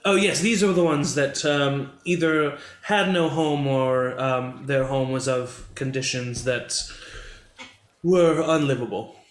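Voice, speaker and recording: A man's voice: medium pitch, takes it slowly, reverberant, slight background noise, natural voice. A man playing a meek, stammering record keeper. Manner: hesitant, stammering and apologetic. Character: humble, polite male keeper of a shelter's records.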